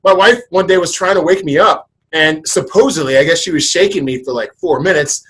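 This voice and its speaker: A man's voice: fairly high pitch, a little fast, a bit bright, a little hiss or hum, poor audio. A man in his thirties hosting a podcast, chatting casually and telling stories in a rambling way with many restarts. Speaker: podcast host.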